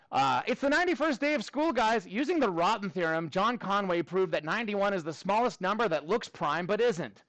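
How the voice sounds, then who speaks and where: An upbeat, chatty man teaching math to a class, his voice sitting high and bouncing between jokes and instructions. The sound is dry and close, with almost no room echo. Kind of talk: classroom lesson.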